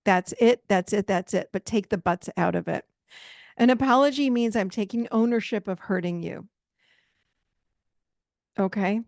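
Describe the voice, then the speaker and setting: A woman talks straight to her listeners as a relationship coach on her podcast, emphatic and direct. Her voice has a gravelly fry at mid pitch. The sound is close and dry. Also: normal speed, long pauses, darkish tone, dry recording. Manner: emphatic, direct, conversational, addresses listeners as "you guys". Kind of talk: solo podcast advice talk.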